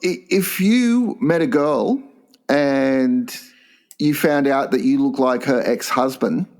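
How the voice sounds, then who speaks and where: A man's voice: mid-range voice, slow pace, darkish tone. Wry male podcast co-host. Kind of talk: casual podcast banter.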